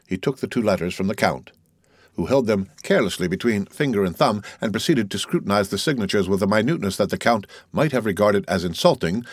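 A man narrating a classic novel in a measured, even way. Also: fairly low pitch, no echo, studio quality. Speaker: audiobook narrator.

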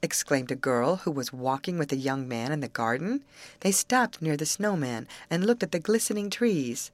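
A woman narrating a fairy tale in a gentle, expressive read-aloud style. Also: low-pitched, normal speed, no echo. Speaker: storyteller. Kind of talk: storybook narration.

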